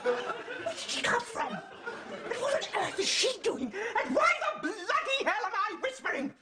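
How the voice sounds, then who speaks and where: An actress playing an exasperated, sharp-tongued middle-aged wife, speaking sarcastically and indignantly. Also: female voice, very high voice, very animated, normal speed, a loud crowd. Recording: distant mic, studio audience laughter, background noise.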